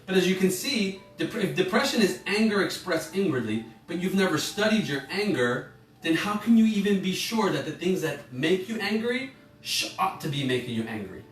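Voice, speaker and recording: A very animated man with a high-pitched voice teaches an online emotional intelligence class at normal speed. He rambles informally, corrects himself, and puts questions to the listeners. Faint music plays in an echoey room, and he's a bit far from the mic.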